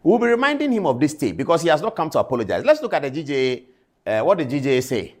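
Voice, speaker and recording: A man's voice: a little high, huge pitch swings, very fast. A man presenting on television, indignant and calling people out directly by name. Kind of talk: studio commentary.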